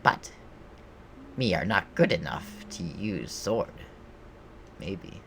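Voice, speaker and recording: A man's voice: low-pitched, lively intonation, takes it slowly, creaky, fairly bright tone, a little hiss or hum, exaggerated voice. A man voicing dim, boastful male goblin warriors who talk in broken grammar, in a video game playthrough. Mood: earnest.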